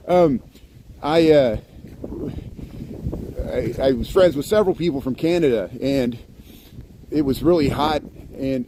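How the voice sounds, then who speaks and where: A man's voice: medium pitch, mellow, a little hiss or hum. Chatty man streaming from a snowy street. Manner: rambling and chatty, greets viewers by name. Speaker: live-streaming walking vlogger. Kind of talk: casual live-stream chat. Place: outdoors on a snowy city street. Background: faint street ambience and passing vehicles.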